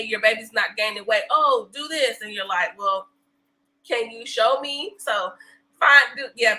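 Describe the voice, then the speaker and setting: A woman in her thirties, a podcast guest, chatting casually and telling animated stories with laughs and acted-out quotes. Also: mid-range voice, poor audio. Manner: animated storyteller, laughs often, acts out quotes. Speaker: podcast guest, breastfeeding specialist. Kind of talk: casual interview chat.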